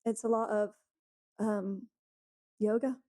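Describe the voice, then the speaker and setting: A woman's voice: mid-range voice, level tone, takes it slowly, warm tone. A woman in her thirties from Texas with a Texan accent and a slight lisp, telling her story as a podcast co-host in a casual chat on a couch at home. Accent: Texan American. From Texas, United States. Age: 30s. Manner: chatty, storytelling, direct.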